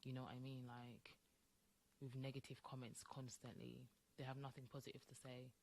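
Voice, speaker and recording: A woman's voice: very deep voice, normal speed, vocal fry, slight background noise. Emphatic woman co-hosting a podcast. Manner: emphatic, animated, acts out quoted voices. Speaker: podcast co-host. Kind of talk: casual podcast chat.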